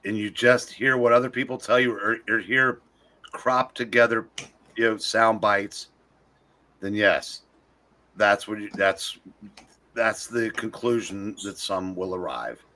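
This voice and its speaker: A man co-hosting a live stream, speaking in a measured, halting way with frequent restarts. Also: fairly low pitch, bright, forceful tone. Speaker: co-host. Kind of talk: casual live-stream chat.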